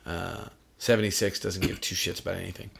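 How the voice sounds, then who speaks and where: Podcast host, middle-aged man, low gravelly voice, blunt and profane storyteller. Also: flat delivery, a little fast, fairly bright tone. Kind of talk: casual chat.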